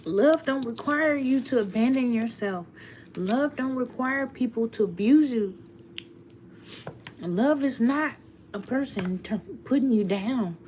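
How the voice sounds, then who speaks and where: Woman, tarot reader, live stream, emotional, heartfelt, slightly high voice. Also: expressive, measured pace, a little mellow, slight background noise. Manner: heartfelt, emotional, laughs often. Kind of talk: live-stream talk to viewers.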